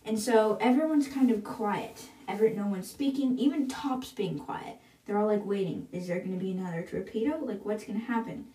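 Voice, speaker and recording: Speaking at normal speed with hardly any pauses, a woman with a dark, medium-pitched voice hosts a podcast. She casually retells a book's chapters, often shifting into quotes with "she's like." Slight background noise and a roomy echo come through, and she's far from the mic.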